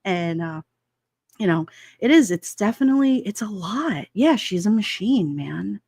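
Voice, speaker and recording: A woman in her forties talking in a loose, rambling way, packing her sentences with fillers and little laughs. Her voice sits at a middling pitch and sounds close and dry, with no room around it. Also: expressive, a little slow, a little mellow, husky, no room sound. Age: 40s. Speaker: livestream host. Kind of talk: casual chat.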